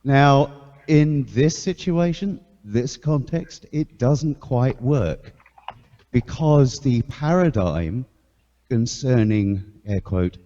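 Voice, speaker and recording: Man, slow deliberate talk, mellow low tone, dull lo-fi sound, long reverb tail. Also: lively intonation. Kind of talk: casual group chat over voice call. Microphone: voice-chat microphone with a radio filter setting.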